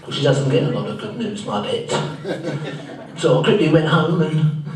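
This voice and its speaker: A man's voice: a little high, moderate pace, crowd noise, close to an everyday voice. A man playing a bumbling, well-meaning, accident-prone man, telling a rambling comic story live on stage. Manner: naive, earnest, rambling storytelling full of mishaps. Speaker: stand-up tribute performer. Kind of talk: live comic monologue in character. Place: theatre stage. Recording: very echoey live room, mic far off.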